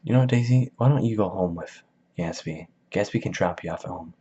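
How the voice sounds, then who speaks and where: A man's voice: sits low, brisk, dark tone, husky. A man voicing a smug, blunt rich young man in slangy speech, in a dull lo-fi recording.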